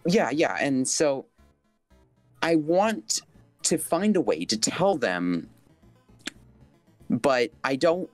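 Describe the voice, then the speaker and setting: A man's voice: on the high side, very animated, drawn-out words, long pauses, no room sound. Nervous guy calling into a stream, keeps restarting, dry close sound, faint music. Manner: nervous, hesitant, restarts sentences. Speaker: caller. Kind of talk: call-in conversation.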